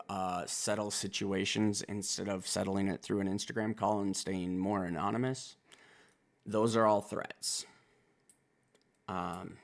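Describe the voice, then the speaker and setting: Gravelly low-voiced man reacting to music. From Wisconsin. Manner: blunt and profane, excitable, talks in bursts. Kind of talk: casual reaction commentary.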